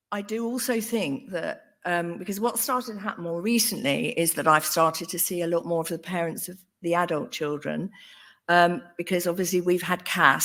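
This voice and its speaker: An older woman talks through her clinical work in an earnest, thoughtful way. Her voice sits a little low for a woman. She pauses with ums and restarts her sentences as she thinks. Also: fairly bright tone. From England. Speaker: psychotherapist. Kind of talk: talk on a panel.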